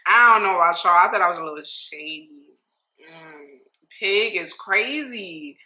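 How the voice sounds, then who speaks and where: A young woman recapping a reality show in casual, slangy chat, animated and laughing often. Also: lowish voice, unhurried. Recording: roomy echo.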